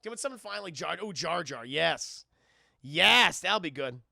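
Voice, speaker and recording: A man's voice: on the high side, expressive, a little slow, creaky, pushed and bright, no room sound, studio quality. A man hosting a livestream in casual, giggly chat, swearing and talking to his chat. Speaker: livestream host.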